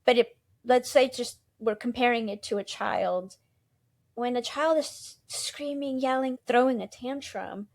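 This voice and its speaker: A woman with a fairly high voice in a podcast chat. She explains things gently with simple analogies and keeps affirming the other speaker. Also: measured pace. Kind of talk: casual podcast conversation.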